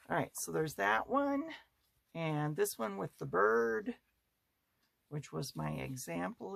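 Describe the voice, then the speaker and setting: Brief: craft vlog host, heavy vocal fry, friendly show-and-tell to the camera. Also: medium pitch, fairly bright tone. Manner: chatty, thinks aloud, addresses viewers directly. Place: home craft studio.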